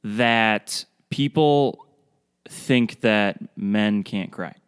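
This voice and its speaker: A young adult man co-hosting a casual podcast, speaking earnestly and a little haltingly, sometimes repeating words. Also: fairly low pitch, clean tone, big-room sound. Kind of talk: casual chat.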